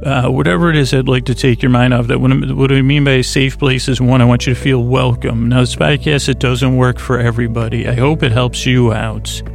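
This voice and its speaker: A man hosting a bedtime podcast, rambling in a creaky, self-deprecating, meandering way with lots of fillers. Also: mid-range voice, fairly even intonation, fairly quick, few pauses, faint music behind. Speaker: podcast host.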